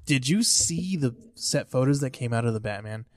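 An easygoing man with a Spanish-speaking accent chats about movies as a podcast co-host. His voice is mid-pitched for a man, and he answers with short, relaxed agreements. The sound is close and dry. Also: moderate pace, no echo. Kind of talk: casual chat about movies.

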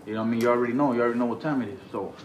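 A man's voice: medium pitch, rapid-fire. Rambling laid-back man in a roomy clip. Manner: rambling, repeats words, laid-back slang. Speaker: rapper in a played clip. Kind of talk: casual talk in a clip. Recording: roomy clip with faint background noise.

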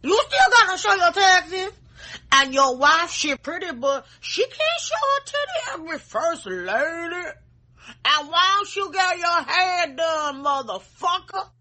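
A brash, loud-mouthed heckler, put on by a woman comedian, her voice pitched very high and swinging wildly up and down. She yells her jabs slowly and bright-edged. The clip sounds distant and lo-fi. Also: very animated, heavily acted. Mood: taunting. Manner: shouting, drawn-out taunting delivery.

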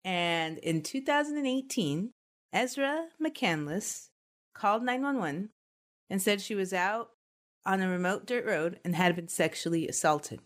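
A woman's voice: mid-range voice, animated, unhurried. A woman hosting a true crime podcast, chatting and laughing with her co-hosts before telling the case. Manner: giggly, chatty, recounts case details. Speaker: podcast host. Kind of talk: casual chat and true crime storytelling.

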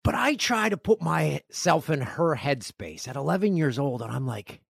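Animated man telling a story. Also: on the high side, moderate pace, vocal fry, breathy edge, no echo, studio quality. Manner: animated, jokey, acts out quotes. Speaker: podcast host. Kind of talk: casual comedic storytelling.

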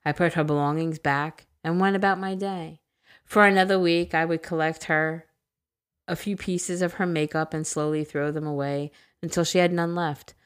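A woman podcast co-host reading a listener's story aloud in a casual, animated way, with crude humor and bursts of laughter. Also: deep voice, moderate pace, clean tone.

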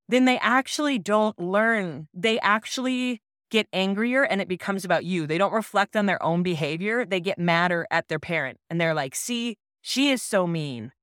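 A woman's voice: fairly low pitch, clear, resonant tone, no echo, clean studio sound. A woman podcast host telling a personal parenting story in an earnest, reassuring way.

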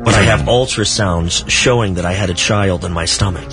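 Radio guest, male, author and researcher, deeper voice, measured storyteller with dry humor, music bed in the background. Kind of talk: radio talk show interview.

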